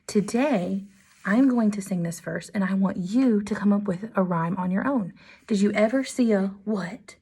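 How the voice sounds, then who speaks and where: A woman music teacher leading a children's lesson, speaking in a slow, sing-song, encouraging way to young children. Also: mid-range voice, slightly rough.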